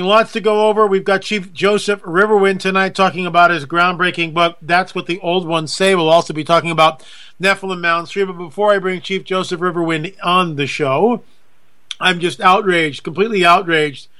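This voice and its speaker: A male talk show host rants through an indignant monologue. His voice is high and bright, with a forceful edge. He repeats himself to press every point. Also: steady tone, a little fast, clean tone. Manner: indignant, repetitive, emphatic.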